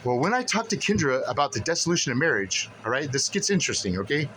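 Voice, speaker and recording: A man's voice: fairly high pitch, lively intonation, fast, pushed and bright, slight background noise, rough recording. A man venting to the camera in a casual vlog, agitated and profane, rambling with many restarts as he reads through paperwork. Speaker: vlogger.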